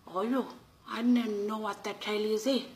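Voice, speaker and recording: A woman with a Durban South African Indian English accent, telling a comic story in a gossipy, animated auntie manner. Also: mid-range voice, normal speed, poor audio. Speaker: comedic storyteller. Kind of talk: comic monologue in character.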